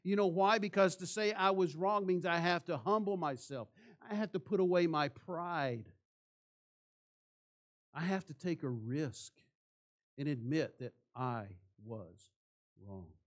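A man's voice: a little high, a little slow, pauses often. A man preaching a sermon in church, asking the congregation rhetorical questions. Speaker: pastor.

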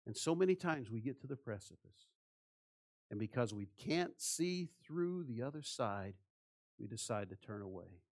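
A man preaching a sermon with passion, asking rhetorical questions and swinging between soft, hushed phrases and loud ones. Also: medium pitch, animated, moderate pace. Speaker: pastor.

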